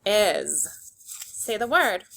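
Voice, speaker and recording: A woman teacher leading a phonics lesson for young children, slowly sounding out words and giving simple, encouraging instructions. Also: mid-range voice, sing-song, bright, forceful tone. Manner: slow, clearly segmented sounding-out of words.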